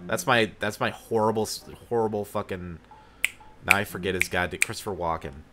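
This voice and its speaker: A man's voice: lowish voice, brisk, heavy background noise. Crude, joking man playing a game. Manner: crude, joking, lots of swearing. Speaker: gamer, channel host. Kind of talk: casual gameplay commentary.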